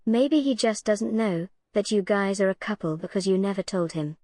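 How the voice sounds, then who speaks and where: Woman commentator, sarcastic and cutting, mid-pitched, dead-dry recording. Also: animated, moderate pace, darkish tone, no room sound. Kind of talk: reaction commentary voice-over.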